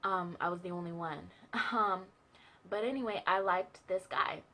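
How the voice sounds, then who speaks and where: A woman's voice: on the low side, moderate pace, bright, forceful tone, a little hiss or hum. A young woman telling a personal story in a chatty, casual way, full of fillers and asides. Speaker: vlogger sharing a testimony.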